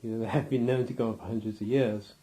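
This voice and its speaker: A man's voice: lowish voice, fairly even intonation, fast, warm tone. A man giving a loose, rambling interview, restarting his sentences and acting out little scenes with laughter.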